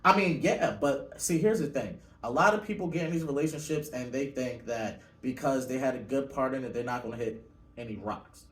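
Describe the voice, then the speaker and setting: A man's voice: medium pitch, a little fast, fairly bright tone. Laid-back man sharing opinions, roomy sound. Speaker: podcast co-host. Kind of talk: casual podcast chat. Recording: roomy, distant mic.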